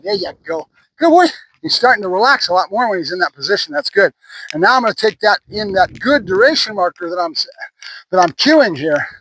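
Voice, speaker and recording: A man's voice: high voice, a bit bright, rough recording. A middle-aged man working as a dog trainer, praising his dog between explanations to viewers. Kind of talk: hands-on training demonstration.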